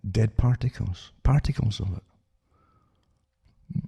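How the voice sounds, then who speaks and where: A man's voice: on the low side, drawn-out words, creaky, warm tone, slightly rough. An older man hosting a talk radio show, rambling with many restarts and sarcastic asides that end in "eh?".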